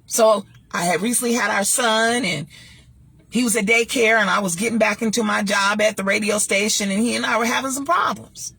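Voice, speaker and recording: A woman's voice: mid-range voice, a little fast, vocal fry, bright, forceful tone, slightly rough. A woman hosting her own show, giving emphatic, blunt advice and telling a personal story in a casual monologue. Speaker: talk show host and former radio DJ.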